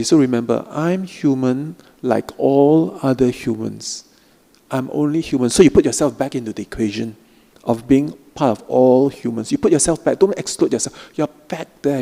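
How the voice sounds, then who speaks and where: A middle-aged man teaching a Buddhist meditation talk in a gentle, repetitive, reassuring way. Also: mid-range voice, creaky. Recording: long hall reverb.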